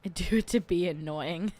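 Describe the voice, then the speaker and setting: A woman's voice: fairly low pitch, unhurried, darkish tone. A young adult woman hosting a casual livestream, chatty and playful, laughing often as she rants about food. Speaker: podcast host.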